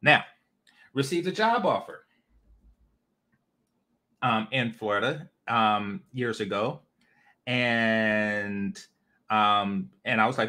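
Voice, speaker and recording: A man's voice: mid-range voice, expressive, takes it slowly, long pauses, pushed and bright. A man from California hosting a casual livestream, ranting bluntly with lots of profanity and rambling asides. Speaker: host.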